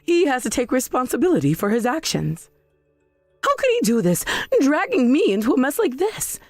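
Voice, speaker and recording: A woman's voice: high-pitched, big pitch swings, moderate pace, dry recording, faint music behind, heavily acted. A woman voicing an indignant, defensive middle-aged mother in a text-message story drama. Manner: indignant, demanding.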